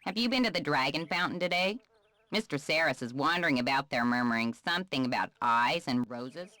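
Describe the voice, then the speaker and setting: A woman's voice: deep voice, lively intonation, brisk, bright, forceful tone, no room sound. A woman voicing a young villager in a video game, with a nasal voice and a chatty, gossipy manner.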